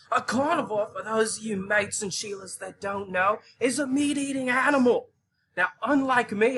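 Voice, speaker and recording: A man co-hosting a classroom safari video, bantering in an over-the-top way with mock Aussie slang and the odd shout. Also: very high voice, a little hiss or hum. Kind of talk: playful mock nature-documentary narration.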